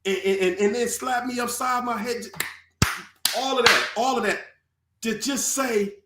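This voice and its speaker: A man hosting his channel in casual chat, animated and swearing freely, acting out quoted tirades. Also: very high-pitched, unhurried, echoey room. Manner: animated, swears, acts out quoted rants loudly. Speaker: channel host.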